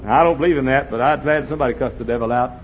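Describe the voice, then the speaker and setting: A man preaching a fiery revival sermon, swinging from shouts to low quiet lines. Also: racing. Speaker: pastor. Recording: dull lo-fi with faint hiss.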